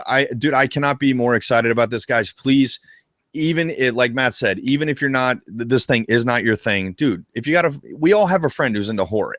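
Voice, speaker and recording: Man, gaming show co-host, casual live chat, excitable, profane, mid pitch, dry close sound. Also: no room sound.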